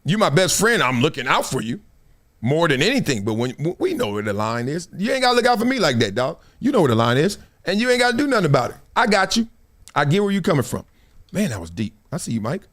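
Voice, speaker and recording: A man's voice: fairly high pitch, fast talker. A middle-aged man hosting a live sports talk stream, telling stories in a casual way and acting out the lines of the people in them. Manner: animated storytelling, acts out quotes. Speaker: host.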